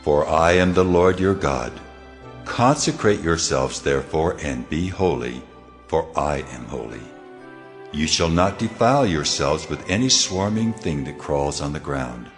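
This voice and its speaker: God, booming and very deep. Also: male voice, animated, measured pace. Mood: solemn commanding. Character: God speaking, deep, solemn, commanding. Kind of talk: dramatized scripture reading. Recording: long reverb with music behind.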